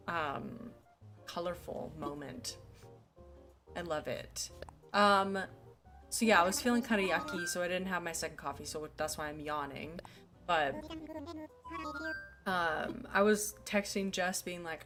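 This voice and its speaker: A sleepy young woman streamer chats with her viewers in a slow, drawn-out way, rambling and giggling between thoughts. Her voice sits at an ordinary middle pitch, with soft music playing faintly behind her. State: sleepy, yawning. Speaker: game streamer. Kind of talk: casual live-stream chat. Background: faint background music.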